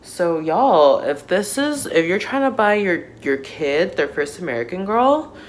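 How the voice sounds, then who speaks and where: A woman in her thirties chatting casually through an unboxing, gushing and excitable, with lots of fillers, recorded on a phone. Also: fairly low pitch, measured pace, rough recording. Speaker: doll unboxing vlogger. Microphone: phone camera.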